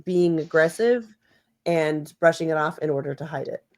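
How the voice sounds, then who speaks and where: A woman narrating as game master of a tabletop game, with hesitant pauses and fillers. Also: sits low, a little mellow.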